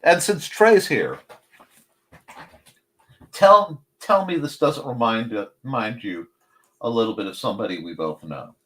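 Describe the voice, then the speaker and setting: A man's voice: medium pitch, lively intonation, measured pace, pauses often, fairly bright tone. A man hosting a casual live stream, chatting while he draws and talking to his cats in a sing-song voice. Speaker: host.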